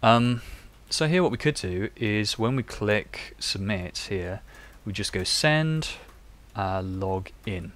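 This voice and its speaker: This young streamer talks slowly and expressively as he codes live, musing aloud for a tutorial. His voice is on the low side yet fairly bright.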